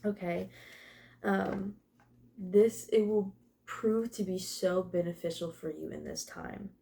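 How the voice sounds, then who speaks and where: Young woman, gravelly voice, mellow tone, casual card reading, emotional, swears now and then. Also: medium pitch, fairly even intonation, slow pace. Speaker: tarot reader.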